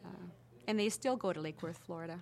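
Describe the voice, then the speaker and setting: With a fairly low pitch and a fast delivery, an older woman from Minnesota's Iron Range spins stories as the subject of an informal oral-history interview. She's talkative and lively, frequently starting her sentences over.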